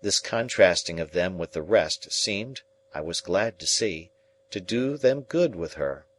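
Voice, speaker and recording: A man reading a classic novel aloud as audiobook narrator, in a measured storytelling way. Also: low voice, animated, a little hiss or hum.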